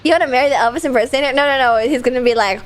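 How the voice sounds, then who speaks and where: A woman's voice: high-pitched, very fast. A young woman streaming a video game, chatting casually in a bubbly, giggly way. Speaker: VTuber streamer. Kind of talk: casual gameplay commentary.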